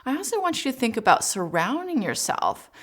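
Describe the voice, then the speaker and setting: A woman child psychologist giving a gentle, encouraging parenting talk, speaking directly to parents. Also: on the high side, very animated, a little fast.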